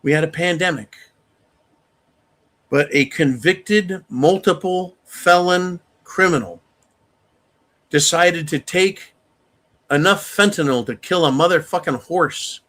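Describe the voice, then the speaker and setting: A man hosting a live-stream rant, angry and profane, with sudden loud outbursts. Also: a little high, takes it slowly, pauses often. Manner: angry, profane, shouting bursts. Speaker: channel host.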